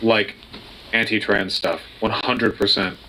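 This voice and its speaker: A man's voice: on the low side, steady tone, measured pace, bright, forceful tone, poor audio. A man co-hosting a casual reaction commentary, sarcastic and incredulous. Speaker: co-host reacting to videos.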